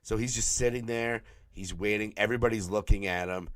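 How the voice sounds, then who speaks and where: Low voiced new guy, a bit hoarse and worn out, swearing and doing voices as he tells a story, dead dry sound. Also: fairly quick, dry recording. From New York. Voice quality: throaty, tired voice. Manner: profane, animated storyteller who mimics people. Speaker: podcast co-host. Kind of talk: casual storytelling chat.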